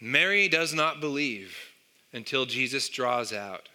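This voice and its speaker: A man preaching a sermon with a very bright, sharp voice. He tells stories and puts rhetorical questions to his listeners. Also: mid-range voice, lively intonation, unhurried. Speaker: pastor.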